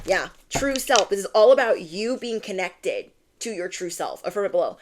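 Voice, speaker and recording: A woman's voice: medium pitch, animated, moderate pace, hardly any pauses, a little hiss or hum. Bubbly young woman doing a tarot reading. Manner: bubbly, gushing, many "like"s and "oh my gosh". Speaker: tarot reader. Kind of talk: casual channeled reading to viewers.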